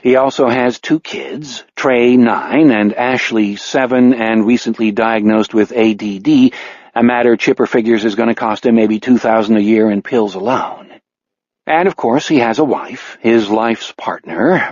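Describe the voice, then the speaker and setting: A man narrating an audiobook in a wry, measured storytelling manner. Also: medium pitch, a little mellow, dry recording. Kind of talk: scripted narration. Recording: dry, slightly dull audiobook recording.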